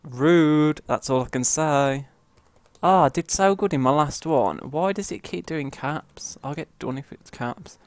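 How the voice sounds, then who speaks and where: A British gamer from the UK narrates his own let's play, excitably yelping and grumbling at the game. His voice sits on the high side, and he speaks unhurriedly with no echo.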